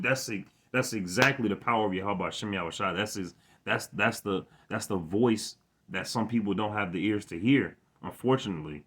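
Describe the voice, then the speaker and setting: Low-voiced man stammering through scripture. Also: slightly rough. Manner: halting, repeats words, stammers when excited; reads verses aloud with more force. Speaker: scripture teacher. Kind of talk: informal scripture lesson. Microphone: phone.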